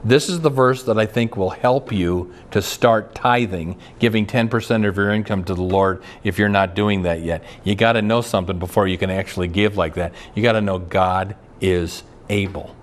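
A man's voice: fairly low pitch, normal speed, few pauses. A man preaching a sermon as pastor, folksy and storytelling, with homespun jokes and some stumbling restarts. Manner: folksy, tells jokes and stories, frequent restarts.

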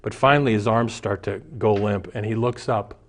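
A man's voice: on the low side, fairly even intonation, normal speed. A man preaching a sermon as a pastor, telling stories and jokes and acting out the voices in them.

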